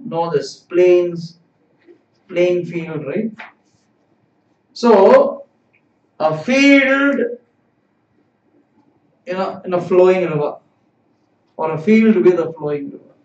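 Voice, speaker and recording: High-voiced man teaching a language lesson. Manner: patient, repetitive explaining. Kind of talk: live-streamed language lesson. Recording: roomy, distant, dull sound.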